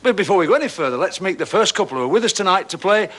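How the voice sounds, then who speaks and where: A man's voice: sits high, big pitch swings, rapid-fire, very noisy. A man hosting a television game show, chatting and teasing the contestants in a jokey way. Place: television studio.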